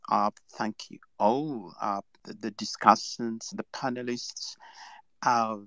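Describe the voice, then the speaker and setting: A man with a Ugandan English accent hosting and closing an online audio discussion, halting with many fillers. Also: lowish voice, fairly even intonation, a bit bright, no echo. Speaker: host.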